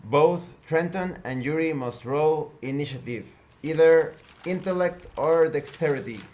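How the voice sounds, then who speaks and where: A man narrating a tabletop game as game master, slow and deliberate. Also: fairly high pitch, a little mellow.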